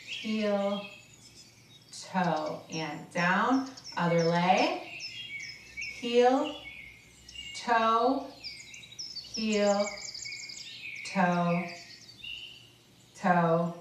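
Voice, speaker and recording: A woman leads a chair workout at an unhurried pace, cueing each move and cheering people on. Her voice rings in a very roomy space, a little away from the mic, with faint noise behind. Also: medium pitch, far from the mic. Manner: encouraging, slow step-by-step cues. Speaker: chair exercise instructor. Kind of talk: guided seated workout instruction.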